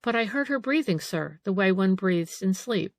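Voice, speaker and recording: A woman's voice: medium pitch, animated, moderate pace, no echo, natural voice. A woman voicing a frightened middle-aged female housekeeper in an audiobook, anxious and eager to please. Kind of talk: audiobook character reading.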